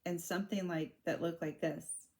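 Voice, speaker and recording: Low-voiced woman in her forties, candid. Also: fairly even intonation, a little mellow. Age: 40s. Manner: candid, halting, with many restarts and fillers. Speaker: vlogger sharing her own story. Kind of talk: personal storytelling to camera.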